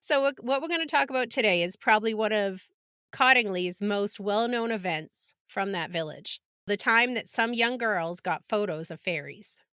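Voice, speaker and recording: A bright-voiced woman hosting a podcast, chatty and quick to laugh. She is recorded close and dry, and she tells her story with plenty of casual asides. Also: medium pitch, expressive, smooth, no echo. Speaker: podcast host.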